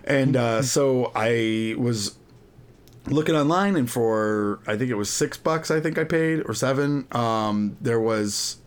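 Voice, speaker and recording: Guy in his 30s on a podcast, rambling about his kids, says like a lot, medium pitch. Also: takes it slowly, smooth. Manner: rambling storyteller, lots of "like" fillers, quotes his kids. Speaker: podcast co-host. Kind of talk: casual chat.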